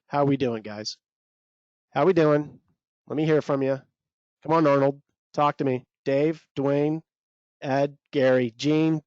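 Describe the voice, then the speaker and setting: Man, trading coach, energetic webinar talk, salesy, dull dry recording. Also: medium pitch, dry recording. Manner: salesy, pumped-up, talks straight to viewers. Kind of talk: energetic live webinar teaching.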